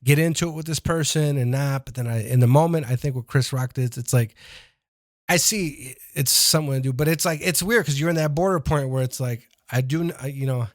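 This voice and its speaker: A man's voice: medium pitch, a little fast, dry recording, studio quality. A man, a comedian guest on a podcast, telling rambling, profane stories and acting out his own lines in casual chat.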